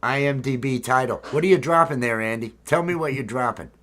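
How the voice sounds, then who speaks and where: A man's voice: mid-range voice, a little fast, a bit bright. A man hosting a casual livestream chat, telling a story in a rambling way with many fillers and restarts. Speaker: host.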